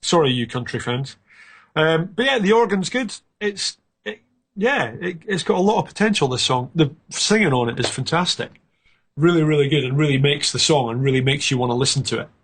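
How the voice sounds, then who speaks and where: A man's voice: fairly high pitch, expressive, a little fast, a bit bright, breathy edge. A Scottish man giving a chatty, self-mocking critique as a guest panelist on a music review show.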